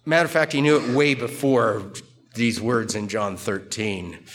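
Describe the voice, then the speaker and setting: An American man preaching an expository sermon as pastor, slow and emphatic, often repeating words for stress. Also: fairly low pitch, fairly bright tone. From United States. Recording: long hall reverb.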